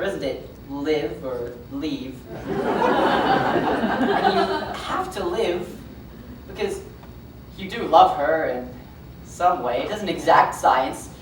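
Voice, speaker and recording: A woman playing a lonely middle-aged man who obsesses over an old musical record, chatting wistfully in rambling asides. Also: fairly low pitch. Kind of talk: amateur stage musical acting. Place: theatre stage. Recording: echoey hall, mic far from stage, noisy.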